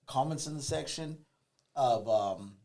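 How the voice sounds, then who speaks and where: A man's voice: medium pitch, a little slow, creaky, a little mellow. A man co-hosting a podcast, chiming in playfully. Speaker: podcast co-host. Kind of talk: casual chat.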